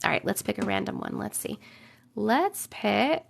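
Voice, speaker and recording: A young woman hosting a livestream, reading viewers' stories aloud and chatting casually, her voice a bit rough from a cold, humming filler syllables while she waits. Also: mid-range voice, sing-song, unhurried. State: voice rough from getting over a cold.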